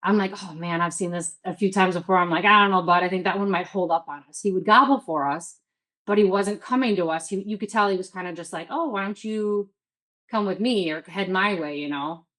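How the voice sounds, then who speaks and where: Chatty midwest woman, 30s, lots of "like", kinda low voice. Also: fairly quick, fairly bright tone, rough recording. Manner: chatty, lots of "like" and quoted self-talk. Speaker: guest. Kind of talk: casual storytelling in a podcast interview.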